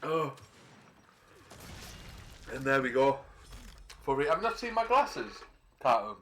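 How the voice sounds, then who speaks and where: A man casting a live video game match, switching between rambling casual chat and quick play-by-play calls. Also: mid-range voice, very animated, a bit bright, slight background noise. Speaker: esports caster.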